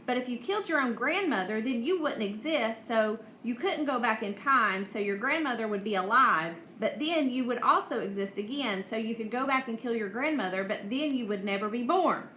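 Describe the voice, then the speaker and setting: Woman audiobook reader, bright high voice, echoey room, faint hiss. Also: normal speed, hardly any pauses. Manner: even, with small slips and restarts. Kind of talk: reading a novel aloud.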